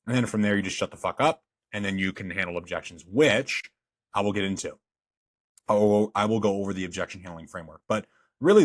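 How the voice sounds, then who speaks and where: A man's voice: lowish voice, fast talker, husky, no room sound, clean studio sound. A young man teaching a fitness coaching sales course, blunt and emphatic with frequent swearing. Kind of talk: course lecture.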